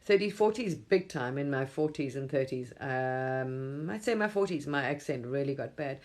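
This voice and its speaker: Her voice rumbles low yet stays expressive and a little mellow, moving at a moderate pace. This middle-aged woman from England is running a relaxed late-night phone livestream, wandering off topic, laughing frequently, and putting on voices for quotes.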